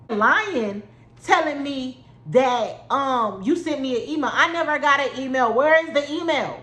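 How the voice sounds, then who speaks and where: A woman's voice: sits high, animated, a little slow, fairly bright tone. Heated, profane young woman in an echoey room. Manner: heated, profane, repeats herself for emphasis. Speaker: vlogger telling a story. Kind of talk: storytime vlog.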